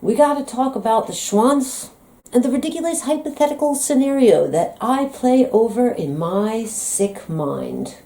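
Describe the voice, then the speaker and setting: A woman's voice: a little high, expressive, a little slow, gravelly, dark tone. An American woman talking in a comedic vlog monologue, playful, teasing and dramatic. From United States. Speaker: vlogger.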